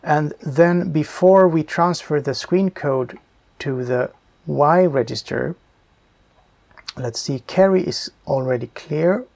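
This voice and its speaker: A man calmly explaining his programming step by step, thinking aloud as he works. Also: a little high, slow, gravelly. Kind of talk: screen-recorded coding tutorial.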